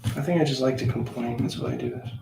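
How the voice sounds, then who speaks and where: A gravelly-voiced man talks casually while painting miniatures, grumbling about his work with self-mocking humor. His voice sounds roomy, with faint background noise. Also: medium pitch, steady tone, quick pace, warm tone. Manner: talks in a coaxing sing-song to his cat.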